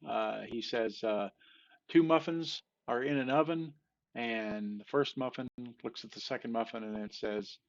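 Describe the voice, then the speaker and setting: A man's voice: mid-range voice, highs cut off. Rambling older man telling dad jokes. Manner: rambling, halting delivery with many fillers and restarts; self-deprecating, laughs off flubbed punchlines. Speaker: joke teller. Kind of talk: casual joke telling.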